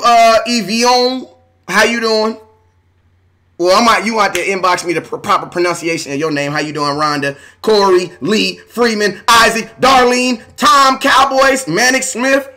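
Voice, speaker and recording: A man hosting a casual live stream, shouting out viewers by name in a hyped, talkative way. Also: high-pitched.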